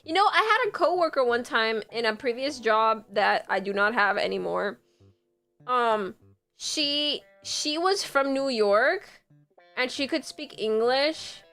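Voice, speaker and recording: A woman's voice: a little high, animated, slow pace, fairly bright tone, faint music behind. A young woman from Puerto Rico chatting casually on a livestream, giggly and rambling with lots of fillers. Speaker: streamer.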